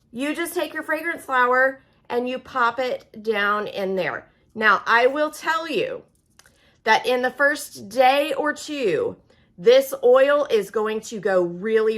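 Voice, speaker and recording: A woman's voice: mid-range voice, fairly bright tone. A woman from Oklahoma, chatting through a casual how-to demonstration and talking to viewers like friends. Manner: chatty and folksy, talks straight to viewers as friends. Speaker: product demonstrator.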